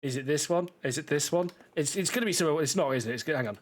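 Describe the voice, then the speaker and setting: A man streams a game live, chatting and rambling to his viewers. He has a cold and sounds stuffy, and his voice sits a little on the high side for a man. He swears offhandedly as he goes. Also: fast, noisy background. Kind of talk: casual live-stream chat.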